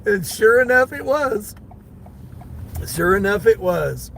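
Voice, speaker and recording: A man's voice: high-pitched, big pitch swings, takes it slowly, creaky, fairly bright tone, a little hiss or hum. A middle-aged man, a delivery driver, telling a story to his viewers from his car, laughing often and talking to them by name. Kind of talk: casual storytelling while driving.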